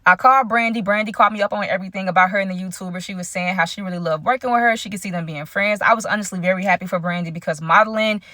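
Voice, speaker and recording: Woman vlogger doing a storytime, slangy n animated, dry close sound. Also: medium pitch, rapid-fire, few pauses, no room sound. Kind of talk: storytime vlog.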